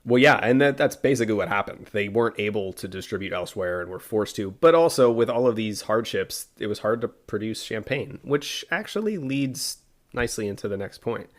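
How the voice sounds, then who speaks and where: A man co-hosting a podcast, telling a history story in a relaxed way with asides and fillers. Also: on the low side, brisk. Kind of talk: casual history podcast narration.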